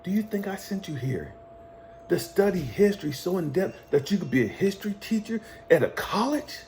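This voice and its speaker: A man's voice: on the high side, a little hiss or hum. A man voicing a stern male God who questions him, probing and mocking at first, then scolding and swearing. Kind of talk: retold dialogue in a motivational monologue.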